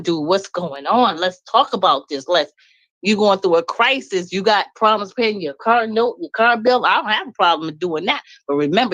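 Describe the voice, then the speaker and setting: A woman's voice: on the low side, dry recording, rough recording. A middle-aged woman talking bluntly and with energy on a live stream, laughing as she vents. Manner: animated, blunt venting with laughs. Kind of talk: casual chat. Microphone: live stream call.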